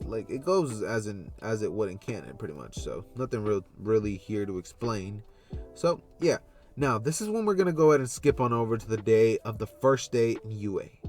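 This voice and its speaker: A man casually narrating a fan story, rambling with many fillers and loose links. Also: mid-range voice.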